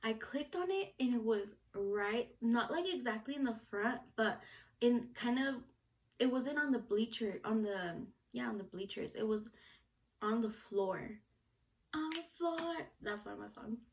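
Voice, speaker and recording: Young female vlogger, slightly high voice, chatty and animated, casual storytelling to camera. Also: moderate pace. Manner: chatty, animated, lots of filler "like".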